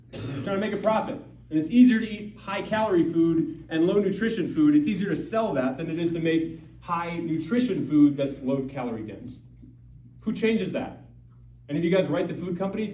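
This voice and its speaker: A middle-aged man from Montana gives an emphatic, conversational talk at a parish and keeps firing rhetorical questions at the crowd. His voice sits a little high for a man. It comes from some distance off the mic, with a roomy echo and a dull, muffled sound. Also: dark tone. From Montana, USA. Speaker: guest speaker at a parish. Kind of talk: public talk to a church audience. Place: parish hall or church.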